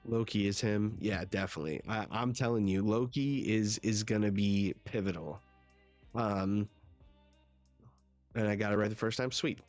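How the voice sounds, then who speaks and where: A man reacting live to a new comic chapter, casual, excitable and swearing. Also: lowish voice, moderate pace, no echo, faint music behind. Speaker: manga reaction streamer.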